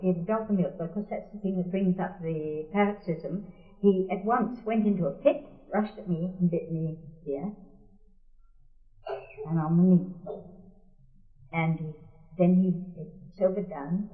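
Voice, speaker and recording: An older woman recounting a personal memory for an oral history, wry and often laughing as she quotes others. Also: fairly low pitch. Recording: tinny, echoey archival tape.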